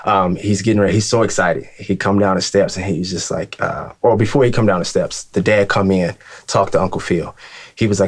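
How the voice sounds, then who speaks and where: A man's voice: low-pitched, fairly even intonation, a little fast. A man hosting a group discussion, talking earnestly with many restarts and fillers. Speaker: host. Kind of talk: casual discussion.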